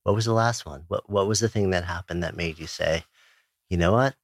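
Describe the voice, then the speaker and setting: Host, male, very low gravelly voice, dry sound. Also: a little fast, no echo. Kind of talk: interview questions.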